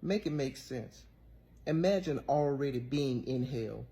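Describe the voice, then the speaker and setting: A man's voice: mid-range voice, animated, a little slow, mellow. A man ranting in a weary, indignant tone. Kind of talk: complaining rant.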